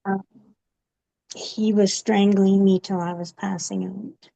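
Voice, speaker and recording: A woman giving a personal testimony in an interview, speaking haltingly with many pauses and fillers. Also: medium pitch, flat delivery, dark tone. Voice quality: gravelly. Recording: dull, muffled recording.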